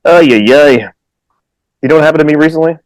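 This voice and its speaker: A man with kids co-hosting a casual soccer podcast, animated and laughing often as he tells stories and slips into silly voices. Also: fairly high pitch, fast talker, slight background noise. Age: adult with children. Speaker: podcast co-host. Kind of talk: casual chat.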